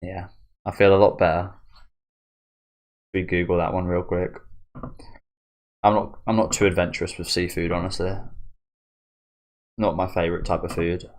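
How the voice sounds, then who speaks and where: A man's voice: deep voice, level tone, normal speed, long pauses. A man hosting a manga reaction, chatting casually and musing aloud as he reads, often restarting phrases and chuckling. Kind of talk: casual commentary while reading a manga.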